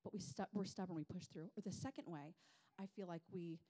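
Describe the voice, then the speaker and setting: A woman's voice: fairly low pitch, a little fast. Chatty woman speaker. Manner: animated, self-deprecating, chatty with many fillers. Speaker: women's ministry speaker. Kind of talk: personal storytelling talk.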